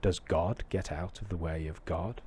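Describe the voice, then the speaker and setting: A man's voice: low-pitched, fairly even intonation, normal speed, warm tone, breathy edge. A man voicing a young male acolyte, earnest and naive, in a told parable.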